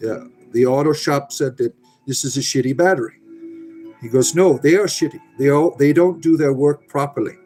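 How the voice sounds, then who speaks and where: A man's voice: medium pitch, a little mellow. A middle-aged man hosting a casual livestream, rambling and salty, leaning on "right?" and plenty of filler. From Americas. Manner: rants with profanity about a mechanic. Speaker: livestream host. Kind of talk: casual chat with live viewers.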